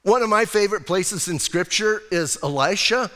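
A male pastor giving a sermon in a church, telling stories in a casual, animated way. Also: high-pitched, normal speed. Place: church sanctuary. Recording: long church reverb.

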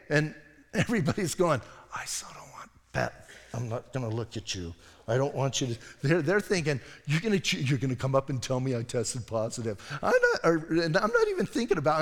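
A man preaching a sermon as pastor, animated and self-deprecating, dropping to quiet asides as he tells stories. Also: medium pitch. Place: church sanctuary. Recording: long hall reverb.

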